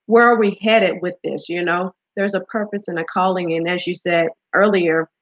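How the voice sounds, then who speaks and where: A woman's voice: fairly low pitch, steady tone, normal speed, no echo, lo-fi sound. A woman hosting an interview, asking questions and sharing her views in an encouraging, conversational way. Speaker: interview host. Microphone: video call.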